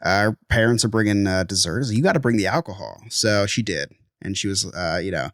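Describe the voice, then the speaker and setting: A man's voice: fairly low pitch, lively intonation, quick pace, few pauses, no room sound. Philly guy in his 30s, podcast cohost, rambling stories, dry mic. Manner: rambling storyteller, laughs often. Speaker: podcast co-host. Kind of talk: casual chat.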